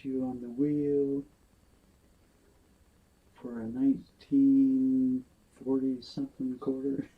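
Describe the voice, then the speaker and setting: A man running a live-stream giveaway in casual chat, murmuring asides and breaking into bursts of excitement at results. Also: mid-range voice, takes it slowly, pauses often, husky, narrow, tinny audio.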